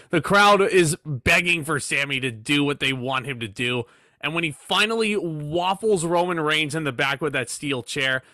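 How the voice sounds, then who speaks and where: A man cohosting a wrestling review, talking excitedly and quickly, filling his speech with "like.". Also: on the high side, no echo, studio quality. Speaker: guest cohost. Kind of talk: casual chat.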